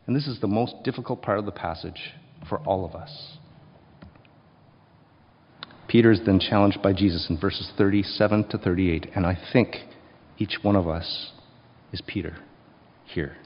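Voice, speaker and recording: A man's voice: sits low, normal speed, husky. Man preaching a dynamic sermon in a hall. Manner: dynamic preaching, shifting from hushed to loud, acting out voices. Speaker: pastor. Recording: dull sound with long hall reverb.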